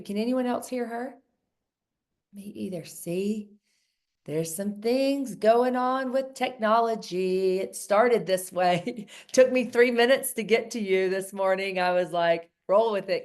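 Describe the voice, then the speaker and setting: A woman's voice: mid-range voice, a little mellow. A woman coaching a group of women on a video call, earnest and encouraging, often repeating phrases for emphasis. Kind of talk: casual coaching talk.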